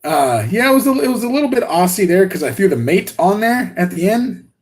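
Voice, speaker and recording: A man with a somewhat high voice chats on a live unboxing stream. He rambles with excitement, trips over his words and laughs often. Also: fairly quick. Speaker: RC hobby channel host.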